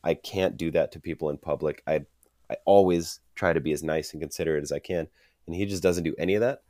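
This young podcast co-host has an extremely low, dark voice and talks fast. He's enthusiastic in casual chat, acting out quotes and saying "dude." The studio sound is clean with no echo.

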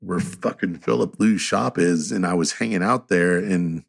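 A man with a low, gravelly voice talks casually on a podcast, swearing freely as he tells stories. He often drops into a deeper voice to imitate other people. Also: moderate pace. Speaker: tattoo artist guest.

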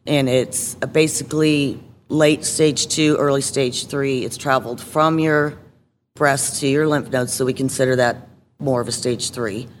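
A woman guest telling her own story in a casual interview, candid and halting, with many fillers and restarts. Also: a bass voice, fairly even intonation, long reverb tail, slight background noise.

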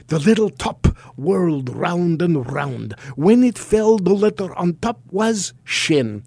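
A man reading a children's storybook aloud in a measured, expressive narrating voice. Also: a little high, creaky, no echo.

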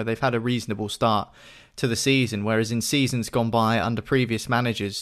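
A man hosting a football podcast, steadily moving the talk on to each new match. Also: on the low side. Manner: steady, leads topic changes. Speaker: podcast host.

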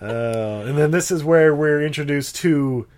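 A woman's voice: deep voice, measured pace, darkish tone. A woman co-hosting a casual movie recap, laid-back, laughing often and swearing casually. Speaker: podcast co-host.

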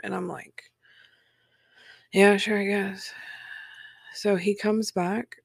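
A woman telling her own story in a candid, matter-of-fact way with dark humor. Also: mid-range voice, flat delivery, slow, vocal fry, breathy edge, no room sound, clean studio sound. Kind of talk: personal storytelling, casual.

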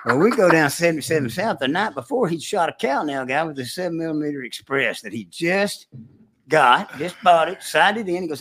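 An older man with a bright, forceful voice, slightly higher than most men, telling a hunting story in casual conversation. His talk is folksy and rural, and he gets animated acting out the shouts. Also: fairly quick, slightly rough. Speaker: storyteller recounting hunting trips.

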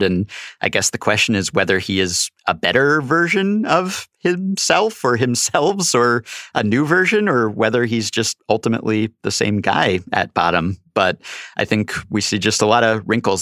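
A man co-hosting a podcast, talking through a show in casual chat, analytical and quick to laugh. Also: mid-range voice, a bit bright, no echo, clean studio sound. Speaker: podcast co-host.

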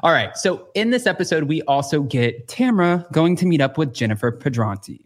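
A man hosting a podcast, telling gossip with lively acted-out quotes and lots of filler "like". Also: a little high, a little fast. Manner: animated storytelling with acted-out quotes; frequent filler "like". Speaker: podcast host. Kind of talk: casual gossip chat.

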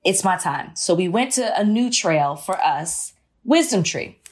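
A woman's voice: on the low side, expressive, measured pace. A woman co-hosting a podcast, chatting casually and telling stories, laughing easily. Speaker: podcast co-host. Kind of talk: casual chat.

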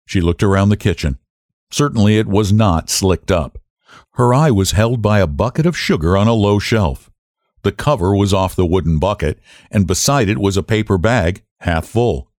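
A man narrating a story as an audiobook reader, measured and expressive. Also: lowish voice, no echo, clean studio sound. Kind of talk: scripted narration.

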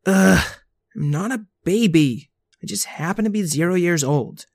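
Brief: narrator putting on a high-pitched sassy girl, fed-up and snippy. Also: animated, measured pace, gravelly, a little mellow, no room sound, clean studio sound. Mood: exasperated. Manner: exasperated, eye-rolling. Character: sassy girl treated as a baby, grown young lady.

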